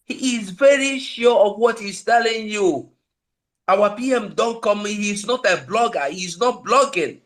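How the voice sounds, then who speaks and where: Slow, emphatic Nigerian man. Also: high voice. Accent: Nigerian English with Pidgin. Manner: preaching, emphatic, mixes Pidgin into English. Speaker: invited speaker on an online call. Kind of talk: impassioned political talk.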